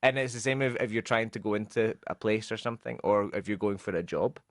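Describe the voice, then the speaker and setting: A man's voice: lowish voice, fast talker, dry recording, studio quality. A man with a Scottish accent, co-hosting a radio show and patiently explaining English expressions with examples, slipping into Spanish now and then. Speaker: radio co-host teaching English.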